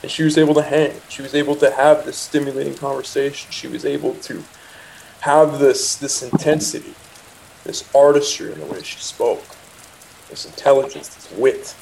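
A man's voice: medium pitch, fairly even intonation, moderate pace, gravelly, a little mellow, a little hiss or hum, poor audio. A young man casually telling a personal anecdote, rambling with restarts and asides and quoting himself and others. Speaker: storyteller.

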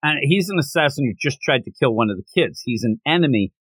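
A man's voice: medium pitch, fast talker, slightly rough, dry recording. A man co-hosting a manga podcast, retelling scenes with gusto and acting out characters' lines. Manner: animated storyteller, acts out characters' lines. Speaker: podcast co-host. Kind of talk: casual chat, manga review.

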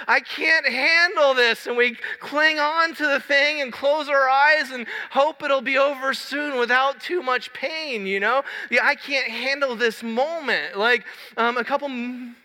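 A man in his thirties preaching a sermon in a large church hall, telling a story in a lively, conversational way. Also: very high-pitched. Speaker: pastor. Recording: long hall reverb.

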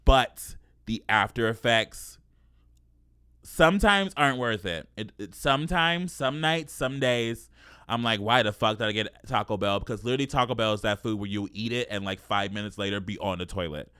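A man hosts a podcast in casual chat, brash, sassy and playful with constant swearing. His voice is bright and crisp and smooth. The recording is dry and close. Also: fairly low pitch, moderate pace, no room sound. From United States. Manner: loud, profane, sassy and playful. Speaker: podcast host.

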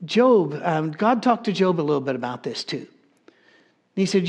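A man's voice: a little high, big pitch swings, moderate pace, a little mellow. A man preaching a sermon, telling a story in a humorous, conversational way.

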